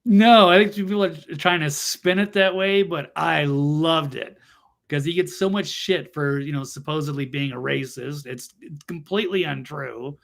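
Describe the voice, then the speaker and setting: A man's voice: fairly high pitch, moderate pace, vocal fry, a bit bright. A man co-hosting a casual political talk show, blunt and scornful in his remarks over a video call. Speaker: co-host.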